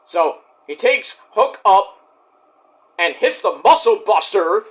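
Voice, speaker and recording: A man recapping a wrestling show in a casual, excitable rant, swearing often. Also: high-pitched, slow, breathy edge. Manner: excitable, profane, storytelling rant.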